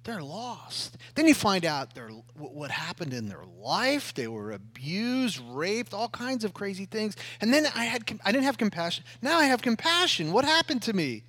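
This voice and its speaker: A middle-aged man preaching a sermon, telling his own story with loud emphasis and hushed asides. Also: high-pitched, very animated, moderate pace, few pauses. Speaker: pastor.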